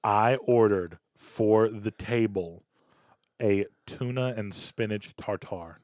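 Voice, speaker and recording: A young adult man co-hosting a podcast, telling animated stories in casual chat, with lots of repeated words and stretched-out emphasis. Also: on the low side, slow, dry recording. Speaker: podcast co-host.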